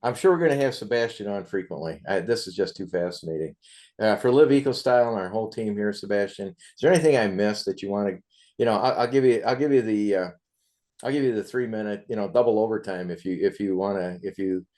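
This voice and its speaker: A man hosts an interview in a casual, chatty way, rambling enthusiastically between his questions. His voice sits somewhat low. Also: fast talker, a little mellow. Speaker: interview host.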